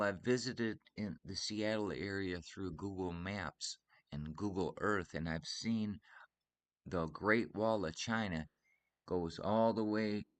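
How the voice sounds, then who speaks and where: A man's voice: sits low, no room sound. A man from Michigan hosting a casual livestream chat, rambling earnestly and teasing his co-host. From Michigan, USA.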